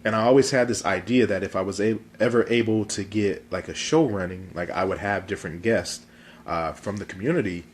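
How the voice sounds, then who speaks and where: Hosting his own phone-recorded video talk show, a man chats in a goofy, casual manner, rambling with lots of fillers while sounding stuffy and congested. His voice is fairly low and his pace brisk, with a little hiss or hum in the recording.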